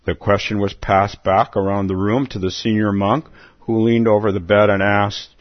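A man giving a relaxed dharma talk as a Zen teacher, chuckling often and repeating words as he goes. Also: on the low side, moderate pace, dry recording. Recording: dull lo-fi dry recording.

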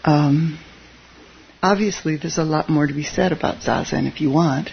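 Zen teacher, dharma talk, conversational, chuckling asides, mid pitch, muffled lo-fi sound. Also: moderate pace, vocal fry, a little hiss or hum.

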